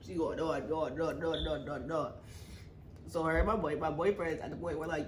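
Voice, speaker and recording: Woman vlogger, animated storyteller, swears freely, echoey room. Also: low-pitched, moderate pace. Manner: animated, profane, acts out the quarrel. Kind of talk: casual storytime vlog. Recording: echoey room with faint background noise.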